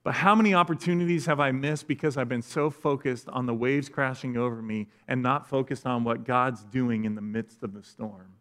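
A man's voice: medium pitch, moderate pace, few pauses. A man preaching a sermon, telling personal stories in a conversational, self-deprecating way with touches of humor. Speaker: pastor.

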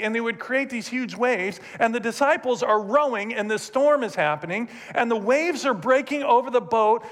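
A man preaching a sermon, retelling scripture with animated storytelling and rhetorical questions to his congregation. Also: very high voice. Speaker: pastor.

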